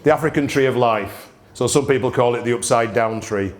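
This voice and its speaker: A man's voice: medium pitch, brisk. Chatty man in echoey room. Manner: humorous, chatty, laughs often. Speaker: gin tasting host. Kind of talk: anecdotal storytelling presentation. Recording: roomy echo.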